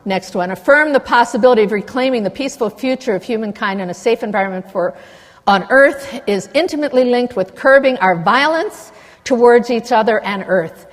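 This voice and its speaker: A woman's voice: fairly high pitch, expressive, brisk. An older woman giving an impassioned conference lecture, digressive and full of indignant asides. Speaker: conference speaker. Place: lecture hall with long reverb. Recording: reverberant hall recording.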